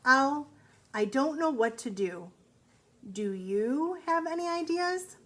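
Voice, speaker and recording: A woman reading aloud as a fed-up young male frog in a picture book, drawing out the words slowly. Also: sits high, animated, fairly bright tone, slight background noise, pitched above the performer's own voice, exaggerated voice. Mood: bored.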